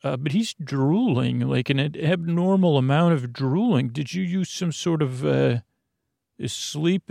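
A man's voice: a little high, gravelly, darkish tone, dry recording, clean studio sound, voice pushed up, heavily acted. A man voicing a pampered socialite woman who frets and rambles theatrically.

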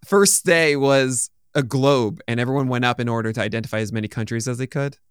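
A man hosts a casual talk and shares stories in a loose, rambling way. His voice is smooth and clear, at a middle pitch. The recording is dry and close. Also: a little fast, no echo. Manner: relaxed, rambling storytelling. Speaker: host. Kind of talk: casual chat.

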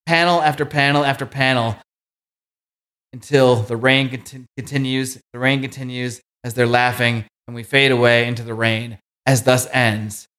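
A man co-hosting a podcast, recapping a comic book in an animated, casual way, now and then swearing. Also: mid-range voice. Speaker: podcast co-host.

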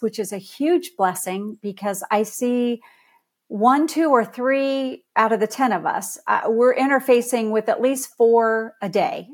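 A middle-aged woman, a guest author, telling a lively story in a podcast interview and laughing easily. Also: a little high.

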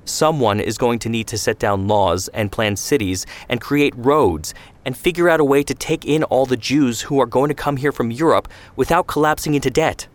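A man voicing a bookish, practical brother who reasons in a measured way, in a read story. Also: medium pitch, pitched above the performer's own voice, close to an everyday voice. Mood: earnest.

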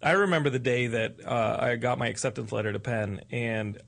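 A man's voice: medium pitch, brisk, vocal fry, a bit bright. A man from Texas hosting a casual interview, joking and rambling through stories with many restarts. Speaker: host.

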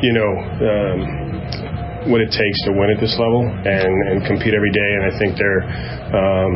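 Halting low-voiced male baseball manager. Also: little pitch movement. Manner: halting, heavy on fillers. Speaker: baseball team manager at a postgame press conference. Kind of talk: postgame press answers. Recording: muffled press-room audio with background noise.

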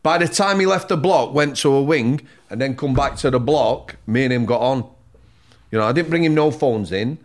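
Ex prison officer, plain talker, mid voice. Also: male voice, medium pitch, normal speed. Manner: plain-spoken, dialect grammar. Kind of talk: casual chat.

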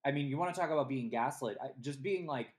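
A podcast co-host in casual movie review chat, animated and acting out scenes from the film. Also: mid-range voice, quick pace. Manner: animated, acts out scenes in quoted voices.

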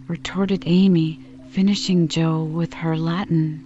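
Slow, mellow woman reading a classic novel. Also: fairly low pitch, steady tone, a little hiss or hum. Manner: measured, gentle storytelling. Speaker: audiobook reader. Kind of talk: audiobook narration. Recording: slightly dull lo-fi recording.

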